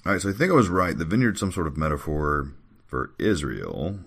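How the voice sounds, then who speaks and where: A man's voice: very deep voice, big pitch swings, brisk, gravelly, fairly bright tone, slightly rough. A podcast host, a man, reading scripture aloud and breaking off into wry joking asides in casual chat.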